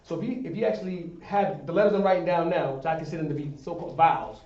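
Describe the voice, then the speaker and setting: A man's voice: fairly high pitch, very fast, a little mellow. A man teaching a Hebrew class at a board, explaining step by step and checking that students understand. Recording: echoey room, distant dull sound.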